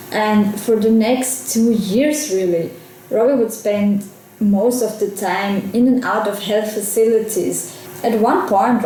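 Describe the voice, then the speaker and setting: A woman's voice: medium pitch, mellow, very echoey, a little hiss or hum, low-quality recording. A woman narrating a true crime case in a conversational way, adding her own asides. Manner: conversational, personal asides while recounting events.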